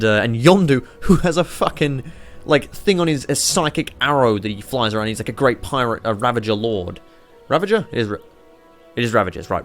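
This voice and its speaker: A man rambling excitably and swearing freely as he chats casually over a city-building game. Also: fairly low pitch. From Australia. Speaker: YouTuber playing a city-builder.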